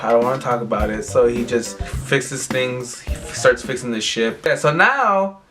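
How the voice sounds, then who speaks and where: A man with a mid-range voice talks through a story recap in a loose, rambling way. He leans on "like" constantly and retells what characters said without changing his voice. Soft music plays faintly underneath. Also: medium pitch, lively intonation, normal speed. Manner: rambling, heavy use of "like", paraphrasing characters in his own voice. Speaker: recap host. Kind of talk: casual episode recap. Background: faint background music.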